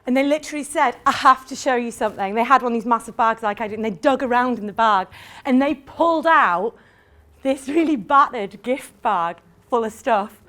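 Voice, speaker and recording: High-voiced animated woman presenter. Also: moderate pace. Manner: animated, acts out little scenes in quoted voices. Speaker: sales trainer giving a talk. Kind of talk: lively conference presentation. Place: room with a live audience.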